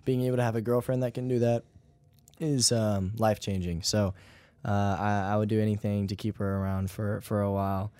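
A man's voice: on the low side, a little fast, clear, resonant tone, no echo. A young man, a musician guest in an interview, talking casually and rambling with lots of "like" and "you know". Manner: relaxed, rambling, heavy use of "like" and "you know".

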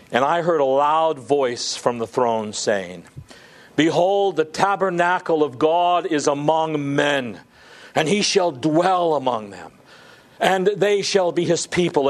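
A middle-aged man preaching a sermon as pastor, rising to emphatic lists and dropping to near-whispers. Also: a little high.

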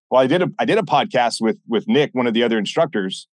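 A man guesting on a podcast, telling stories in a blunt, animated way and acting out what people said. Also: mid-range voice, quick pace, no room sound. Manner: animated, blunt, swears often, acts out quoted dialogue. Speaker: podcast guest, former military instructor. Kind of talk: casual interview storytelling.

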